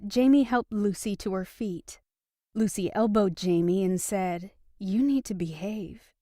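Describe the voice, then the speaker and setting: A woman narrating a romance audiobook in an even, steady storytelling manner. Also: medium pitch, no echo, clean studio sound. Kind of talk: scripted narration.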